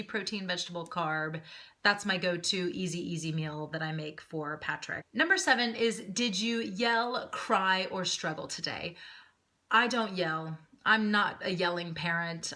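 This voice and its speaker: A woman in her thirties talks casually to her camera, chatty and animated, laughing often. Her voice has a bright, forward tone at a medium pitch. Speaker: vlogger.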